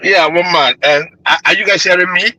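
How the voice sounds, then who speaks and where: Husky bright-sounding guy calling in, very dry sound, lots of ums and repeats. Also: high voice, brisk, no echo, rough recording. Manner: animated and emphatic, many fillers and repeated words. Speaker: caller. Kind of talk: opinionated call-in commentary.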